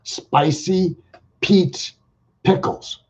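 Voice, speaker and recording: A man's voice: high voice, fairly even intonation, extremely slow, husky. A middle-aged man telling a rambling, jokey everyday story in casual slang. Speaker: vlogger. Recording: dull lo-fi recording.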